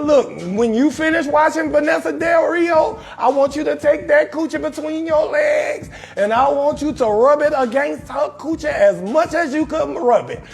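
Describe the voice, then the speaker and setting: Brash high-voiced male comedian. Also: creaky. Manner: loud, brash, riffing, shouting out viewers in chat. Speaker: comedian hosting a live talk show. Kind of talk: profane comedic advice monologue on a livestream.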